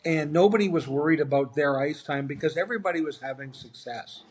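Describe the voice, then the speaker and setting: A man's voice: fairly high pitch, a little fast, husky. A middle-aged man, a guest on an interview show, telling stories casually and acting out the dialogue of the people in them. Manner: animated anecdotes, acts out quoted dialogue. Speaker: interview guest, former hockey player.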